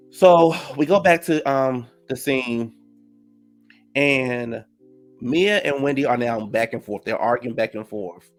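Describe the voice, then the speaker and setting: Gravelly-voiced guy recapping reality tv, messy and cussing a lot, low music in the back. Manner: gossipy, profane, reacts loudly to the drama. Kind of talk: casual episode recap.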